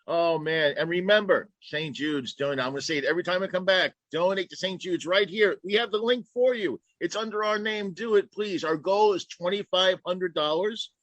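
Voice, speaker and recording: A man hosting a comedy roast, introducing guests with quick jokes and hype. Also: high-pitched, a bit bright, no room sound, lo-fi sound. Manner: jokey, hyping up guests. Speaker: roast host. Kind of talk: live comedy emceeing.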